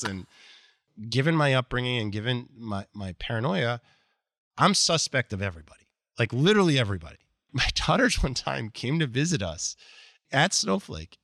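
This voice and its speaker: A man, a company executive as interview guest, telling candid stories in a blunt, animated way and acting out quoted dialogue. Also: medium pitch, moderate pace, no room sound, clean studio sound. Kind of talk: candid conversational storytelling.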